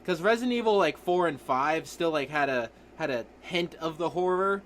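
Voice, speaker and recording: A man's voice: fairly high pitch, a little hiss or hum. A young man hosting a casual gaming podcast, joking and teasing his friends as he talks. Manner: joking, animated, quick to tease. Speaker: podcast host.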